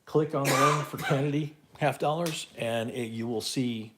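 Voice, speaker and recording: A man's voice: mid-range voice, normal speed, fairly bright tone, slight background noise. A man hosting a casual live coin auction, calling out bids and chatting with viewers from home. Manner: chatty, repeats bids and co-host's remarks.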